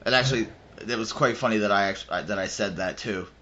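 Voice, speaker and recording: A man co-hosting a podcast, chatting casually and excitedly about a video game, with animated retellings. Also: fairly low pitch, quick pace, highs cut off. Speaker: podcast co-host.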